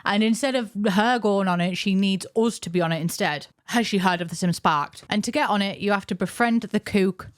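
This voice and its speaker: A woman's voice: mid-range voice, brisk, few pauses, clean tone, no room sound, clean studio sound. Chatty woman explaining game lore. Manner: chatty, jokey, playful asides. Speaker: YouTuber.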